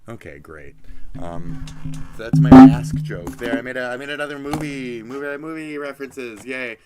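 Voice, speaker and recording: A man's voice: mid-range voice, normal speed, over loud music. A sleepy young man who keeps yawning as he rambles and swears while signing off from his stream. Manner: drowsy, profane, rambling. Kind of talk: casual rambling sign-off.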